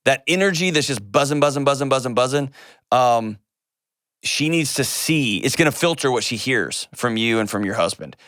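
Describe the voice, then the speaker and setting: A man, hosting an advice call-in show and answering a caller in an earnest, gentle way. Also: medium pitch, expressive, normal speed, dry recording, studio quality. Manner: earnest and gentle, shifts pace often.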